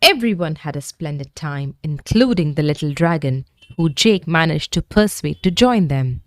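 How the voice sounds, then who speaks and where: A woman reading a bedtime story aloud to children in a gentle, expressive manner. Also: low voice, normal speed, no echo, clean studio sound.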